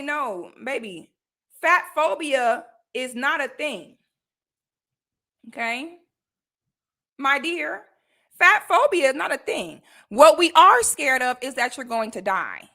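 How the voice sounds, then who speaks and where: A young woman from Florida, rants through a livestream monologue. Her voice sits high and bright and leaps up and down. She talks loud and profane, with a lot of punch. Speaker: streamer.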